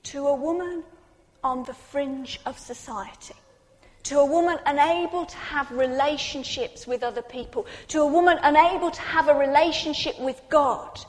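A woman preaching a sermon, building to intense peaks and sinking to quiet, reflective passages. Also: high voice, normal speed. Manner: dramatic, rising to intense peaks then dropping quiet. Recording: long reverb in a large hall.

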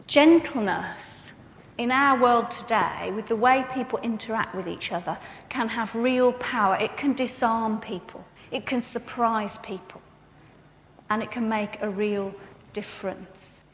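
A woman preaching a sermon, earnest and reflective, then lively and expressive as she tells a story. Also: fairly high pitch, measured pace, slight background noise. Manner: earnest, turns animated and expressive when telling a story. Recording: echoey hall with long reverb.

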